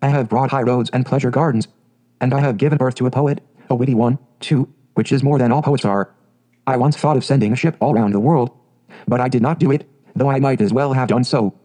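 A man reading the lines of a proud young sailor boy in a storybook, in a dark, even voice. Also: medium pitch, fairly quick, natural voice, low-quality recording. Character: boastful young sailor boy speaking for a town.

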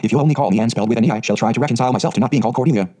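Dreamy, gushing orphan girl of eleven, read by a man. Quick, husky audiobook delivery. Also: mid-range voice, warm tone, natural voice. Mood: eager. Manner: dreamy, gushing, dramatic phrasing.

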